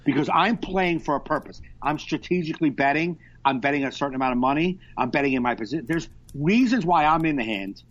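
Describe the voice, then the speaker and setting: A man chatting on a podcast over a video call, telling stories in an animated, profane way. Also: a little high, quick pace, few pauses. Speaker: podcast co-host. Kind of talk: casual podcast chat. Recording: dull lo-fi internet call.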